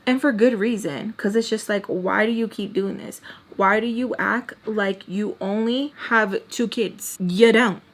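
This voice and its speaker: A woman's voice: medium pitch, steady tone, measured pace. A young adult woman with a mid-range voice rambles through a storytime vlog. She vents emotionally and talks straight to her viewers while she puts on makeup. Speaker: storytime vlogger. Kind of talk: casual storytime venting while doing makeup.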